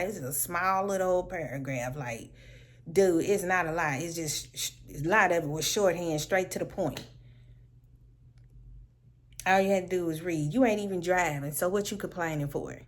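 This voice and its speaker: Sassy woman telling a storytime vlog. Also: medium pitch. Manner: animated, laughs often, slangy and sassy. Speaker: vlogger. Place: home.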